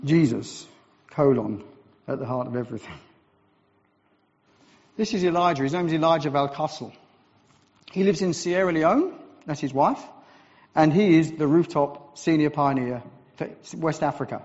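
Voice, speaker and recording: A man from England, a visiting preacher, giving a sermon with animated storytelling and self-deprecating asides. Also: a little high, moderate pace, pauses often. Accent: English. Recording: dull recording with long church reverb.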